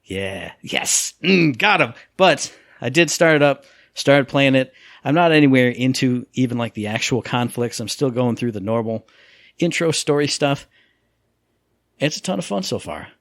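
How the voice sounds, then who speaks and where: A man co-hosting a casual gaming podcast, telling stories with lively acted-out quotes and sound effects. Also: medium pitch, moderate pace, creaky, dry recording. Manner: animated storyteller, acts out quotes and sound effects. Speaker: podcast co-host.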